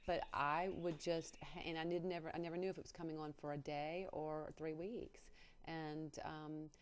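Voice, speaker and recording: Low-voiced woman telling a halting story. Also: little pitch movement. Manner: halting, many fillers and restarts, earnest. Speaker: spiritual guest telling her story. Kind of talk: personal storytelling on radio.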